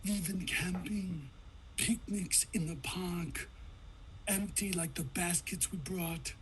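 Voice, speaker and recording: A man acts out a gloomy, philosophical policeman in a comedic table read. He delivers a slow, grave, deadpan monologue in a high voice. A faint hum runs underneath.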